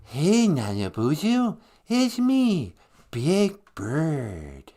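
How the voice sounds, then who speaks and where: A man's voice: fairly high pitch, wildly swooping pitch, extremely slow, mellow, pitched above the performer's own voice, exaggerated voice. A man faking a babyish grown-up Big Bird. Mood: coy. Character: fake grown Big Bird, childish, sly.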